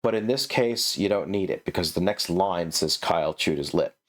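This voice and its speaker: A man's voice: low voice, moderate pace. A man giving a comedic critique of a manuscript, sarcastic, laughing often and stammering through restarts.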